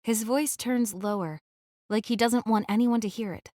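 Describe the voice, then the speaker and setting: Gentle woman reading a romance audiobook. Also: a little high, normal speed, dry recording, studio quality. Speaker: audiobook narrator. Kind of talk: scripted first-person romance narration.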